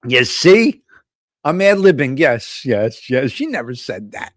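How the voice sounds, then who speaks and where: A man with a high voice and big pitch swings hosts a casual live stream at a slow pace, chatting with viewers, teasing them, ad-libbing, and laughing often as he reads their comments aloud. The sound is studio quality with no room echo.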